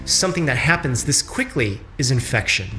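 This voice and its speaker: Brief: male narrator, scripted medical story, expressive pitch, bright tone, soft music underneath. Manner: measured, dramatic storytelling. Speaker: narrator of a medical case video. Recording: narration played from a video, with background music.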